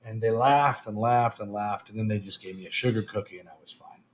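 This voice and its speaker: A man's voice: fairly low pitch, fairly even intonation, fairly quick. A man co-hosting a casual talk show, trading dry, self-mocking wisecracks and anecdotes. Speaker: co-host. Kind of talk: crude comedic casual chat. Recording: echoey room with faint noise.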